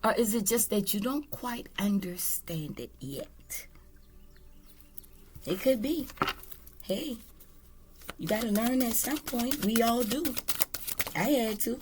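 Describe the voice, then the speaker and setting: A woman's voice: on the high side, expressive, takes it slowly, long pauses, noisy background. A woman tarot reader giving a casual spiritual monologue, blunt and candid, with swearing.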